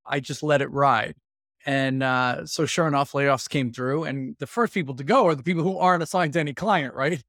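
Lively storyteller man in his fifties. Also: mid-range voice, moderate pace, dry recording, studio quality. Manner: lively storyteller who acts out quoted dialogue. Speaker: guest, executive consultancy founder. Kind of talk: casual storytelling interview.

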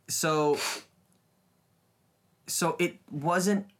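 A man co-hosting a casual podcast about comedy films, chatty and quick to laugh, often trailing off and restarting his sentences. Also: fairly high pitch, steady tone. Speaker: podcast co-host. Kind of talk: casual film chat.

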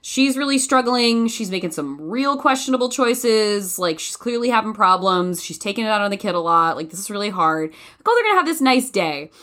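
A woman co-hosting a film talk show in a loose, conversational way. Her voice leaps high and drops low whenever she acts out lines from a scene. She sounds lively and expressive throughout. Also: brisk, few pauses. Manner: animated, acts out quoted lines with big pitch swings. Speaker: podcast co-host. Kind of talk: casual film discussion.

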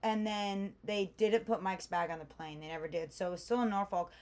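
A woman's voice: mid-range voice, fairly quick. A young woman co-hosting a casual chat, telling a long story with lots of fillers. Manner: chatty storyteller, animated with many fillers. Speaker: podcast co-host.

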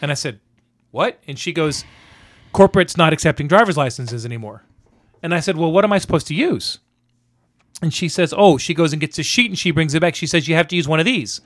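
Animated swearing storyteller man. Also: fairly high pitch, quick pace, no echo. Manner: animated, swears freely, acts out both sides of a conversation. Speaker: veteran guest telling a story. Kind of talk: casual chat, storytelling.

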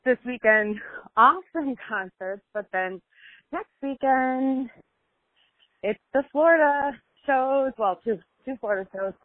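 A woman's voice: high voice, expressive, takes it slowly, dry recording. A woman leaving a chatty, upbeat voicemail while walking a dog outdoors, out of breath. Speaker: caller to a podcast hotline. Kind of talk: voicemail message. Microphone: phone. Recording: tinny phone line.

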